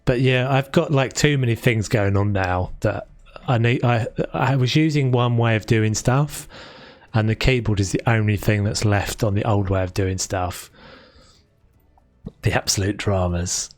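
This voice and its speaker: A man's voice: fairly low pitch, a little slow, dry recording, faint music behind. A man from South London with a London accent, chatting casually and rambling on a live stream while he builds in a game. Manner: chatty and rambling, with frequent restarts.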